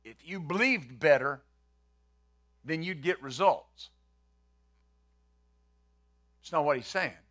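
A man's voice: fairly high pitch, expressive, a little slow, fairly bright tone. A male pastor preaching a conversational sermon, acting out the quotes he reads and the questions he poses.

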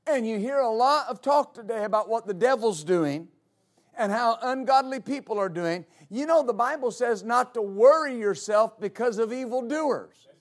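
A man's voice: very high voice, lively intonation, moderate pace. A male pastor preaching a sermon in church, repeating key phrases and building to emphatic peaks.

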